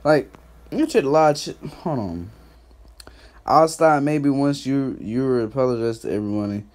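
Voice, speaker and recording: A young man doing profane, mocking trash-talk commentary on a stream, laughing and calling people out in a put-on higher voice. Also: measured pace. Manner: mocking, laughing, loud call-outs; put-on higher voice instead of his deep one. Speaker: YouTube commentator.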